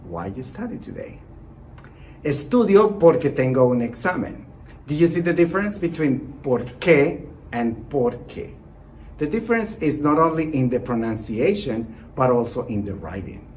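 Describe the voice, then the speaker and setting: Male language teacher for an online lesson, animated intonation, upbeat encouragement, clear model sentences, faint room noise. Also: medium pitch, moderate pace, rough recording. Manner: encouraging, repeats short praise and reassurance. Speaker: Spanish teacher.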